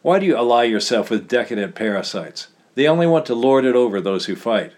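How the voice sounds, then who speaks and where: A man's voice: on the low side, a little fast, close to an everyday voice. Man voicing a ranting Russian ex-commander. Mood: fierce. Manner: ranting, loud and fierce. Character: bitter embattled Russian ex-army commander man.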